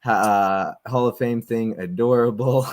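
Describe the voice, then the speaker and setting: A man's voice: mid-range voice, a little slow. A man hosting a live stream in casual chat, reading viewer comments aloud, friendly, with lots of fillers. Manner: friendly, chatty, frequent fillers and laughs.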